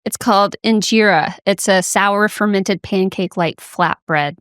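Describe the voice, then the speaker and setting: A woman's voice: medium pitch, a little slow, fairly bright tone, clean tone, dry recording. A young woman co-hosting a podcast in a mid-range voice. She chats easily and explains with enthusiasm. The recording is dry and close to the mic. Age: young adult. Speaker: podcast co-host. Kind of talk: casual chat.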